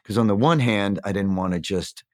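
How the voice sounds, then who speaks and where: A middle-aged man being interviewed, speaking candidly and reflectively. He often pauses, uses fillers and restarts his sentences as he searches for words. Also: on the low side, no room sound, studio quality. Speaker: guest.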